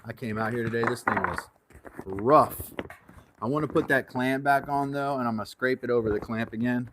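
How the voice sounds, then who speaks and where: A man's voice: mid-range voice, moderate pace. A man hosting a casual workshop livestream, rambling and joking as he works. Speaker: channel host. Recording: loud scraping and clicking noise.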